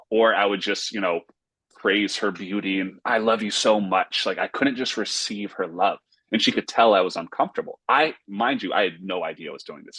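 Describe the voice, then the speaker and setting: A man's voice: sits low, fairly bright tone, slightly rough, no room sound. A man from North Carolina, a pastor and author, telling a personal story earnestly in a casual interview. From Raleigh, North Carolina, US.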